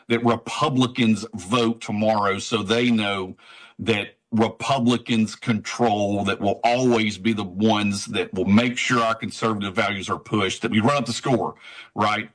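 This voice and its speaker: A man's voice: lowish voice, a bit bright. Rallying man on the campaign trail. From Tennessee. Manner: rallying, repetitive, urgent. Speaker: political candidate guest. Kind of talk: campaign talk on radio.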